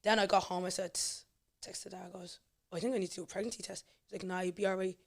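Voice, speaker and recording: A woman guest on a podcast, talking in quick, chatty, matter-of-fact casual conversation. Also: mid-range voice, fairly even intonation.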